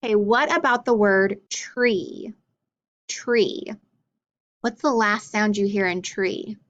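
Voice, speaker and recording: A woman teaching a phonics lesson, sounding out letters and sounds clearly and drawing them out. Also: medium pitch, unhurried, fairly bright tone, dull audio. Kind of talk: slow, deliberate phonics lesson.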